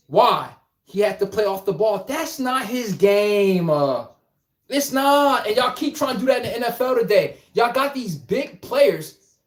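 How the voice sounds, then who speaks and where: Animated, profane sports commentator. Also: mid-range voice. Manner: animated, profane, blunt trash talk; acts out quotes in mock voices.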